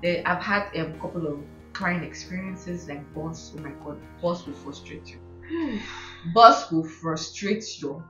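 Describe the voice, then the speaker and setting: A woman's voice: on the low side, a little slow. A young woman telling stories in casual chat, laughing often and mimicking how others talk. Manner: expressive storyteller, mimics accents, laughs often. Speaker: guest, host's sister. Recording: roomy, dull sound with faint music.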